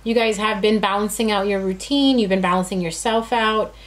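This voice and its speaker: A woman's voice: medium pitch, fairly even intonation, brisk. A woman giving a casual, chatty tarot reading who talks to her cards and addresses her viewers directly. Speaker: tarot reader.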